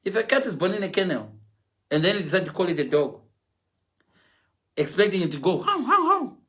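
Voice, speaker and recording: A middle-aged man from Zimbabwe with a Zimbabwean English accent, telling comic stories on a livestream in an animated way, mimicking other people's voices and laughing along. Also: high-pitched, a little fast. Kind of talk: animated comic storytelling, switching between Shona and English.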